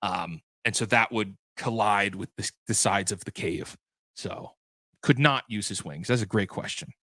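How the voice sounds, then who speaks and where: A man's voice: on the low side, measured pace, a bit bright, no room sound. A man hosting a livestream post-show as game master, chatting loosely and correcting himself as he answers viewer questions.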